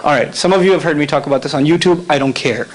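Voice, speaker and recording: A middle-aged Islamic lecturer gives a lively talk to a live audience, often quizzing the crowd and laughing as he speaks. His voice is on the high side and racing, and the audio is poor.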